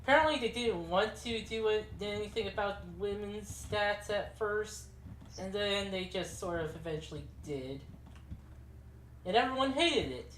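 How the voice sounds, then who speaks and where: A woman's voice: mid-range voice, normal speed. Woman with wry asides in an echoey room. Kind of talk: casual chat while gaming. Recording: echoey room with faint noise.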